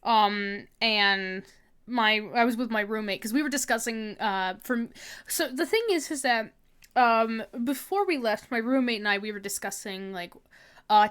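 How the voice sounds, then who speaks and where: A woman's voice: fairly high pitch, fairly bright tone. A woman streamer chatting casually on a livestream, rambling and giggling.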